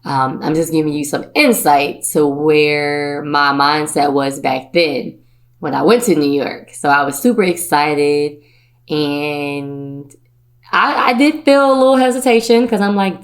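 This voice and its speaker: A podcast host from Virginia, a woman with a voice on the lower side, tells a personal story in a relaxed, chatty manner. She is playful and conversational, and she slips into the voices of her relatives as she talks. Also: a little slow. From Virginia, USA.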